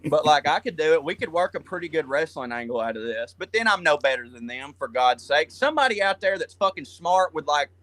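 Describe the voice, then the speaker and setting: A man from Georgia with a Southern accent, a guest comedian in a casual chat, rambling and profane as he tells animated stories. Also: on the high side, a little fast, hardly any pauses, no echo.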